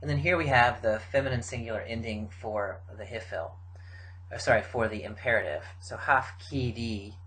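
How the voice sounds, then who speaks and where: A middle-aged man giving a recorded grammar lecture, explaining forms in a measured way with frequent fillers. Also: medium pitch, fairly bright tone, poor audio. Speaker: Biblical Hebrew teacher.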